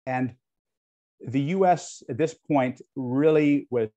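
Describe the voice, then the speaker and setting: Speaking slowly in a medium-pitched voice with a dark tone, an American man gives an unscripted guest talk on US-Indonesia relations. He is from the United States and speaks frankly, with many ums and restarts, on dull lo-fi audio.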